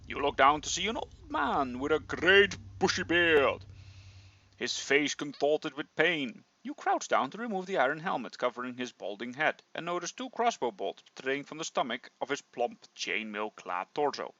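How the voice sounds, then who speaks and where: A young man with a slightly high voice reads a fantasy gamebook aloud at a moderate pace, on a dry, somewhat dull recording. He's playful and animated, regularly cutting in with jokey asides.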